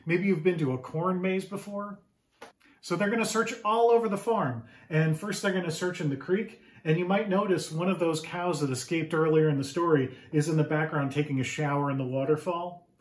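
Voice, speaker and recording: Animated man reading a picture book. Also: on the high side, normal speed, echoey room. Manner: animated, asks the young listeners questions. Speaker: children's author reading his book. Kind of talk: picture book read-aloud for children.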